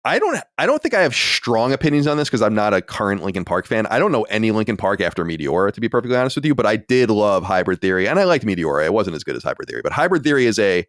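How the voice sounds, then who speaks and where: A man's voice: fairly low pitch, no echo, clean studio sound. A man in his late thirties or forties hosting a podcast, chatting in a casual, self-deprecating way. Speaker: podcast host. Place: home studio.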